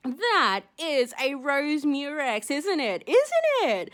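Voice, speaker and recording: A young woman talks to her viewers in a casual vlog, gushing and rambling with plenty of fillers. Her voice sits high and swoops all over the place. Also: huge pitch swings, takes it slowly. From Australia. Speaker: shell-collecting vlogger.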